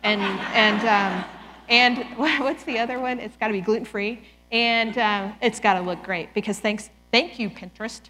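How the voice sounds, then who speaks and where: A woman in her forties giving a lively, conversational Christian talk to parents, often quoting scripture as if speaking the words herself. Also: mid-range voice, normal speed, faint music behind. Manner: animated, conversational, quotes scripture in character. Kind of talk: talk to a church audience.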